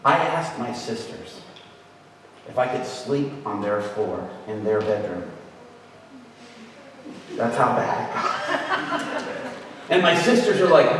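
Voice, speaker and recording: A man's voice: medium pitch, huge pitch swings, slow, pauses often, fairly bright tone, slight background noise. A man telling a personal story in a sermon, acting out the people he quotes with big jumps in his voice. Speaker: preacher. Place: large hall at an event. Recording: echoey hall from far off.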